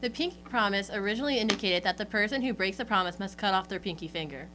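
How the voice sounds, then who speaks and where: A young woman co-hosting a student TV show, quick and lively in her banter. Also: mid-range voice, noisy background. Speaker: student TV co-host. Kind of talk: casual chat.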